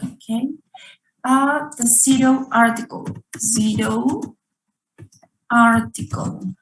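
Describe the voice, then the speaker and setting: A woman's voice: fairly high pitch, slow. A woman teaching an online English grammar lesson over a video call, repeating each point and asking her students questions. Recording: roomy sound from far off the mic.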